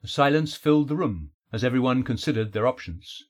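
Husky male audiobook narrator. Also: medium pitch, brisk, few pauses. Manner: steady, even storytelling.

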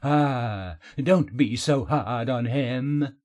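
A man voicing a soft-hearted male companion in an audiobook, slow, halting and tender. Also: medium pitch. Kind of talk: audiobook character voice.

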